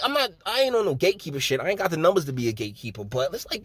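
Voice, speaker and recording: A young man from New Jersey rants his way through local headlines. He swears freely, trails off into sarcastic asides and keeps circling back. His voice sits at a middle pitch and sounds dry and close, with no room around it. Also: sing-song, a little fast, hardly any pauses, dry recording. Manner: profane, rambling, sarcastic asides. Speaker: political commentary vlogger. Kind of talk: casual rant reacting to news headlines.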